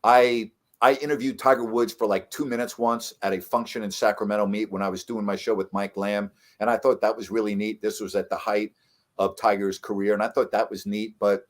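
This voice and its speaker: A middle-aged man, a veteran sports broadcaster, telling stories in a casual chat with lively jumps in his voice for emphasis. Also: fairly low pitch, brisk. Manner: animated storyteller, voice jumps up for emphasis.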